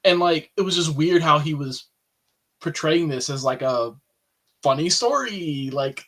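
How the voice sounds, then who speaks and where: A man co-hosting a podcast in relaxed, casual chat, talking loosely with lots of fillers. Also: fairly high pitch, measured pace. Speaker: podcast co-host.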